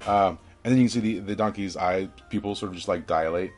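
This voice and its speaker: A man's voice: sits low, fairly even intonation, fast talker, music in the background. A man narrating a tabletop game as game master, rambling with many fillers.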